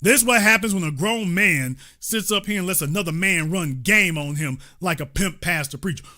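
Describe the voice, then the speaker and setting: Guy ranting on his show, mocking and cussing, high bright voice. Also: moderate pace. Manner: heated, profane, mocking. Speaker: host. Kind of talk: political commentary rant.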